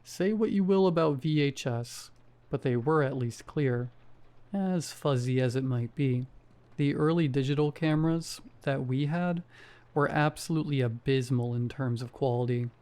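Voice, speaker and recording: A man reading a first-person horror story aloud in a steady storytelling manner. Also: medium pitch, clear, resonant tone. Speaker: story narrator. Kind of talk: scripted horror narration.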